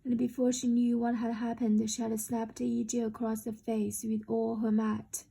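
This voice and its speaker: A woman reading a novel aloud in steady storytelling narration. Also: a little high, moderate pace, gravelly, slightly rough, poor audio. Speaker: reader. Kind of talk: audiobook narration.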